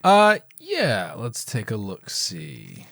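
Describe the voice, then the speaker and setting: A man's voice: fairly low pitch, huge pitch swings, takes it slowly, gravelly, a bit bright. A man co-hosting a casual movie podcast, playful and hesitant, with many fillers. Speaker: podcast co-host.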